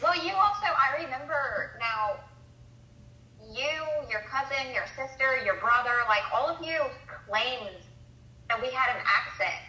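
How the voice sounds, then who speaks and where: Bright-voiced woman guest from Ohio. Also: sits high, lively intonation, unhurried. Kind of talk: casual chat. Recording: roomy echo.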